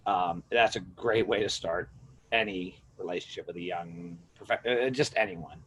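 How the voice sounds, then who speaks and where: A man's voice: low voice, measured pace, breathy edge, rough recording. A middle-aged man from the United States, a gym manager and strength coach, talking casually as a podcast guest and acting out quotes with a raised voice. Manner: animated storyteller, acts out quotes with a raised voice. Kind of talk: casual interview talk.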